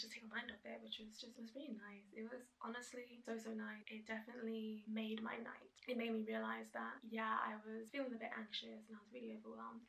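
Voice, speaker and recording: A woman's voice: a little high, creaky, pushed and bright, roomy sound, distant mic, low-quality recording. A young woman telling a personal story to camera in a chatty way, full of fillers and restarts. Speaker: vlogger.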